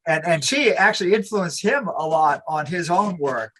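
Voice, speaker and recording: Male podcast guest, fairly high and bright-toned, hesitant and filler-heavy in casual talk. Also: lively intonation, moderate pace. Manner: hesitant, full of fillers and "you know". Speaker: podcast conversation partner. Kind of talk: casual conversation.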